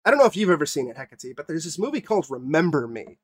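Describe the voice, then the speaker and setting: A young man co-hosting a podcast, ranting with swearing and halting restarts. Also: on the high side, big pitch swings, slightly rough, dry recording. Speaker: podcast co-host. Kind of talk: casual podcast chat.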